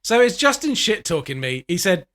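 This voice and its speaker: A man's voice: sits high, sing-song, moderate pace, background noise. A man hosting a casual podcast over a video call, laughing often and swearing casually as he chats with guests. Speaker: podcast host.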